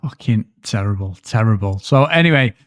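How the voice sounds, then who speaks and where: A man's voice: lowish voice, expressive, moderate pace, no room sound, clean studio sound. A man co-hosting a casual film review podcast, blunt and sweary, ranting about a movie he dislikes. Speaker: podcast co-host reviewing films.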